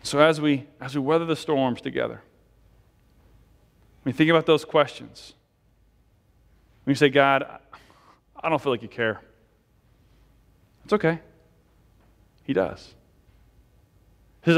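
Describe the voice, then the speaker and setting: A man's voice: mid-range voice, normal speed, long pauses, in a large hall. A man giving a conversational sermon as pastor, asking the congregation questions and leading a closing prayer. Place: church sanctuary.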